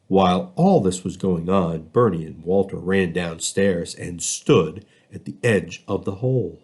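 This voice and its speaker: A man reading a children's storybook aloud, expressive and lively in his storytelling. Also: deep voice, a little slow, few pauses, slightly rough. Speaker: school district reader.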